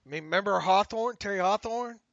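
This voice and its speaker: A man co-hosting a casual sports talk podcast, excitable, often stammering and repeating words as he reads listener questions. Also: high-pitched, brisk, dry recording. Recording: dull lo-fi audio.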